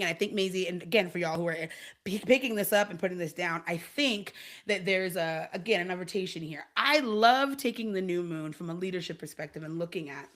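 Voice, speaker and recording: A woman hosts a loose, spiritual livestream chat, reading out viewer comments and laughing freely between thoughts. Her voice sits a little low yet rings bright and forward, with a lively, conversational flow. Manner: laughs often, reads and answers chat comments. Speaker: host.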